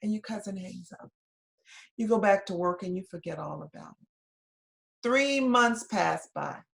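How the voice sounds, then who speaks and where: A woman giving a recorded lecture, telling a scenario to her listeners in lively storytelling and acting out the people in it. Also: low voice, gravelly. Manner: addresses listeners directly, repeating key points.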